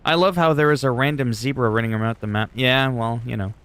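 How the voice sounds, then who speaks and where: A Canadian gamer in his 40s, a native French speaker, chats casually on his livestream in a blunt, profane, joking way. His medium-pitched voice is fast, fairly bright, clear, and resonant.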